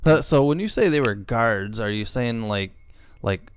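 A man's voice: mid-range voice, animated, unhurried, smooth. A middle-aged man, co-hosting a casual podcast and rambling with frequent restarts. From Illinois, USA. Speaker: podcast co-host.

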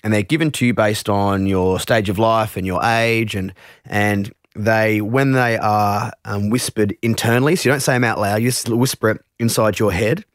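Low-voiced man explaining calmly, dry close sound. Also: moderate pace, dry recording. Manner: relaxed, explains with many restarts and asides. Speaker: meditation teacher. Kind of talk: explanatory interview talk.

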